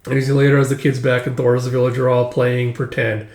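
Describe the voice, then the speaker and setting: A man's voice: mid-range voice, completely flat delivery, fairly quick, darkish tone, reverberant. A man casually retelling a manga chapter with lots of fillers. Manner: loose, filler-heavy narration.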